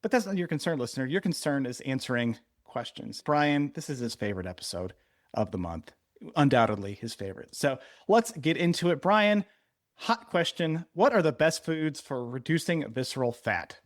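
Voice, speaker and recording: A man's voice: medium pitch, lively intonation, normal speed, dry recording, studio quality. A man co-hosting a podcast in casual chat, teasing his partner and explaining at length. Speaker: podcast co-host.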